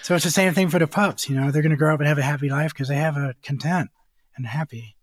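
Animated man, somewhat high voice. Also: quick pace, no echo, studio quality. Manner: rambling, animated, acts out scenes. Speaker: guest, dog breeder. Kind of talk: casual interview chat.

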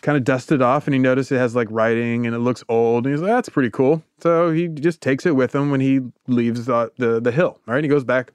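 Animated man telling a story. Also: mid-range voice, clean tone, no room sound, studio quality. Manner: animated, acts out quotes. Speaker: podcast host. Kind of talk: casual storytelling chat.

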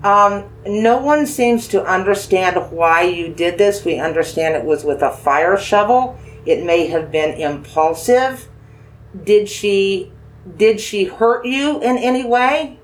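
With dowsing rods in hand, a paranormal investigator gently questions a spirit, coaxing and reassuring it while repeating phrases and posing slow yes-or-no questions. The voice sits at a medium pitch, with a little hiss or hum in the recording.

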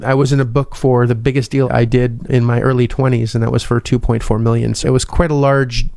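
A man's voice: mid-range voice, level tone, brisk, vocal fry, darkish tone, no room sound, clean studio sound. A man hosting a podcast, rambling and self-deprecating, with a slight lisp. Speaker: podcast host. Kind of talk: casual podcast wrap-up.

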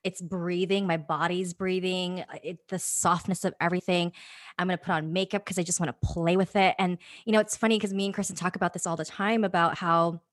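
Reflective woman, slightly low voice. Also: fairly even intonation, a little fast, dry recording, studio quality. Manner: reflective, sensory storytelling. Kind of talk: casual podcast chat.

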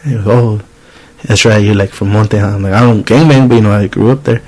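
A man's voice: on the low side, fairly even intonation, fast talker, a little mellow, low-quality recording. A man in his thirties hosting a podcast, telling a story in casual chat, swearing freely and acting out the people he quotes. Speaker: podcast host.

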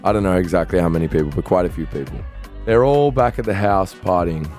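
Deep, mellow man telling a story. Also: fast talker, faint music behind. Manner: animated storyteller acting out friends' voices. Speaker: podcast co-host. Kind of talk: casual storytelling chat.

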